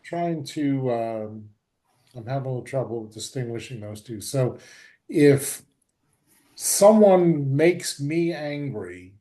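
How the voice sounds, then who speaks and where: A man in a class, asking a question in a halting, hesitant way with many restarts. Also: mid-range voice, expressive, mellow. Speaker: student.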